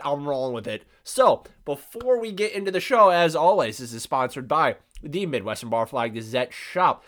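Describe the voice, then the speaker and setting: A man's voice: fairly high pitch, a bit bright. Brash, profane man hosting a solo podcast. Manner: brash and profane, rambling with asides. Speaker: podcast host. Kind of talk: casual solo podcast monologue.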